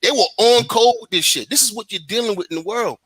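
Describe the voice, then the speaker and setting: A man from the United States talks politics at a rapid clip, his voice bright and forceful, with a fairly high pitch. He rambles heatedly, swears freely and restarts his sentences. The sound is close and dry. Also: breathy edge, no echo. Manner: animated, profane, rambling with restarts. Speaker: guest on a talk stream. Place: living in Germany.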